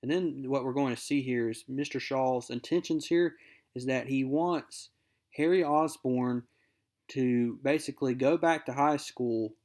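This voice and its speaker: A man's voice: mid-range voice, steady tone, unhurried, darkish tone. A young man casually recapping a comic book issue in an upbeat, chatty way, reading out character lines as he goes.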